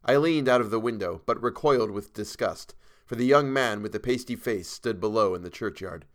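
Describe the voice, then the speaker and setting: A man reading a horror story aloud as a podcast narrator, measured and even with a dark dramatic weight. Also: fairly low pitch.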